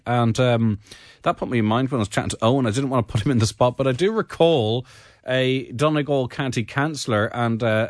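A man's voice: mid-range voice, dry recording. A man hosting a weekend radio chat show in a studio, talking conversationally with plenty of fillers. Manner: conversational, filler-heavy presenting. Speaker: radio host.

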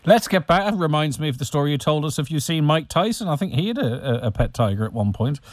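A man hosting a radio interview, easygoing and halting, with many fillers. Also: on the high side, animated, no room sound, studio quality. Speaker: radio host. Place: radio studio.

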